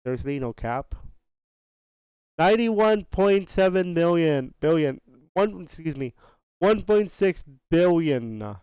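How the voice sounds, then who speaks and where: Unhurried man hosting a podcast. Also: a little high, lively intonation, darkish tone, clean tone, no room sound, muffled recording. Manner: unhurried, chatty, restarts phrases, slangy asides. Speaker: podcast host. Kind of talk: casual podcast commentary on game sales data.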